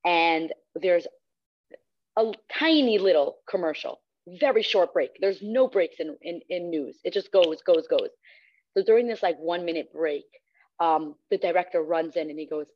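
Young female guest, storyteller who acts out quotes, low-ish voice, dull recording. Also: moderate pace. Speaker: guest, radio host. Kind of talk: casual storytelling in an interview. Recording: slightly muffled recording.

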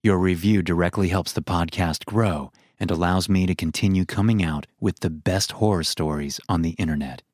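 A man's voice: sits low, moderate pace, hardly any pauses, darkish tone, dry recording, studio quality. A man narrating a scripted horror story for a podcast, dramatic and acting out the lines. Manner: dramatic, acts out quoted lines.

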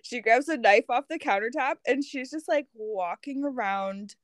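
A woman's voice: a little high, normal speed, dry recording, clean studio sound. A woman telling a story in a casual chat, laughing often as she talks. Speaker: guest.

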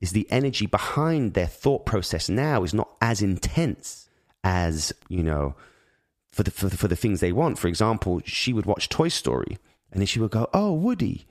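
Earnest rambling man, lively low voice. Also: moderate pace, no room sound, studio quality. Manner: earnest, rambling, frequent restarts and repeats. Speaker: father. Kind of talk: reflective monologue on parenting.

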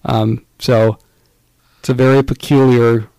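Gravelly-voiced podcast co-host, dry close sound. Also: male voice, mid-range voice, a little slow, dry recording. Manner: relaxed, rambling with many fillers. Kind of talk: casual chat.

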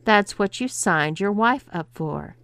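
A woman's voice: medium pitch, expressive, measured pace, a bit bright, no room sound. A woman voicing a stern, commanding female cruise director who speaks with cool, controlled authority.

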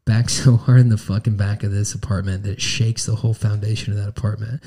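A man's voice: on the low side, little pitch movement, fast talker, warm tone. A young man co-hosting a podcast, chatting in a laid-back way and swearing freely. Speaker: podcast co-host. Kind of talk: casual chat.

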